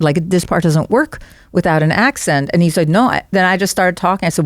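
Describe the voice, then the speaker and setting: A woman guest on a podcast, telling animated stories and acting out quoted dialogue in other voices. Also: on the low side, brisk, no room sound, studio quality. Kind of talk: casual podcast conversation.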